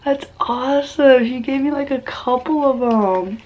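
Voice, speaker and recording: A woman's voice: high-pitched, a little slow, darkish tone, lo-fi sound. A young woman vlogging to camera, gushing and emotional, and sick and near tears. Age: young adult. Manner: gushing, emotional, says "oh my gosh" often. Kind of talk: casual vlog to camera.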